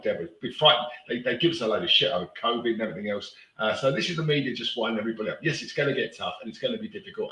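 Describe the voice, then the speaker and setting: A man's voice: medium pitch, sharp tone, roomy sound, low-quality recording. A man in casual chat, rambling and blunt, swearing freely as he talks. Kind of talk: casual live-stream chat.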